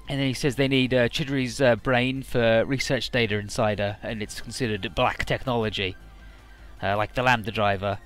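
A man's voice: mid-range voice, steady tone, normal speed, a bit bright, soft background music. A man casually narrating a video game playthrough, loose and rambling, with lots of fillers and the odd swear word. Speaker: let's play commentator.

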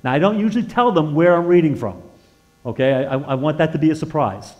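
A man preaching a sermon as a guest speaker in a church. He tells stories, swings between loud emphasis and hushed, earnest tones, and often repeats words and restarts phrases. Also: on the high side, animated, fast, dull audio. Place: church sanctuary.

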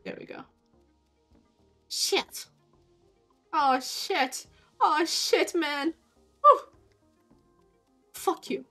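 A young woman with a high voice talks through a game in a slow, unhurried way. She swears freely and shouts at enemies. Faint game music plays under her voice. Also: lively intonation. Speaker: game streamer. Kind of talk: casual gameplay commentary.

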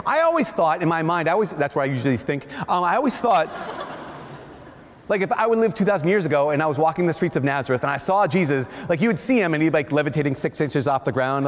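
A Catholic priest, a man, giving a lively storytelling sermon, animated and self-deprecating, often laughing, in a large church. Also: fairly high pitch. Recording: long echoing church reverb.

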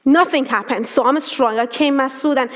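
High-voiced woman giving a sermon testimony. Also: moderate pace. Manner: animated storytelling with acted quotes. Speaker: speaker.

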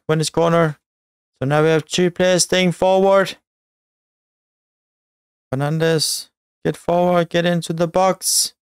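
High, gravelly-voiced man commentating gameplay. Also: dry recording. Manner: talks at the players on screen, urging them on; addresses viewers directly. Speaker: gaming channel host.

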